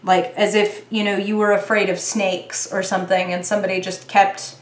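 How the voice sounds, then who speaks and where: A woman's voice: medium pitch, normal speed. Chatty woman reading tarot in a roomy space. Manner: chatty, filler-heavy, animated when quoting. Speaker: tarot reader. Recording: roomy echo.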